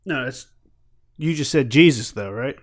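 A man's voice: medium pitch, expressive, normal speed. A man co-hosting a casual chat, joking, swearing freely and laughing easily.

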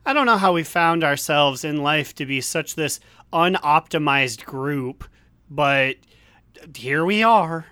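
Playful, bright-toned man up close. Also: fairly high pitch, lively intonation, slow pace, clear, resonant tone, dry recording. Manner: joking, playful. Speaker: podcast co-host. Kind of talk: casual gaming chat.

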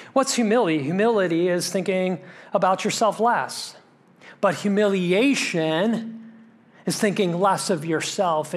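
Pastor, male, higher register, slow deliberate preaching delivery, uses repetition and hushed moments. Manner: emphatic preaching, dropping to a hush for key lines; repeats phrases for rhythm. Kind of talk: sermon.

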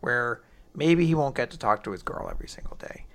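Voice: medium pitch, huge pitch swings, fairly quick, vocal fry, fairly bright tone. A podcast co-host in a casual chat, reacting playfully with laughter and casual swearing.

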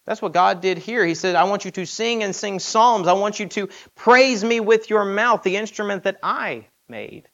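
A man's voice: high-pitched, moderate pace, few pauses, a bit bright, lo-fi sound. A man preaching a sermon in an earnest, emphatic way, asking rhetorical questions.

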